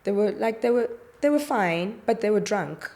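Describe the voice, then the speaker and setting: A woman speaking as a pediatrician guest in a relaxed, chatty way, with plenty of fillers. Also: medium pitch, normal speed. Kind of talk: casual explanatory chat.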